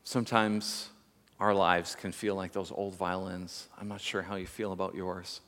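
A man preaching a sermon as pastor, reflective and measured, telling a story with pauses. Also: low voice, little pitch movement, a bit bright, big-room sound.

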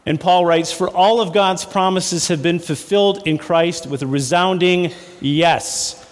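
Emphatic preacher in a reverberant hall. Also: male voice, high voice, measured pace. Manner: emphatic, repeats phrases for effect; folksy storytelling with fillers and laughs. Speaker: pastor. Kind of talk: sermon.

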